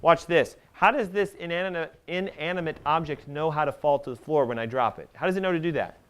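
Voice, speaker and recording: A man giving an animated health seminar to a live audience, talking fast and emphatically and firing questions at the room. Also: fairly high pitch, smooth. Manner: emphatic, rapid-fire, asks the audience questions.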